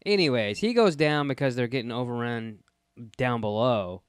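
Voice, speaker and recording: Lively, smooth-voiced young man chatting. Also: mid-range voice, normal speed, no room sound, studio quality. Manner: profane, animated retelling with acted quotes. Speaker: podcast co-host. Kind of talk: casual chat.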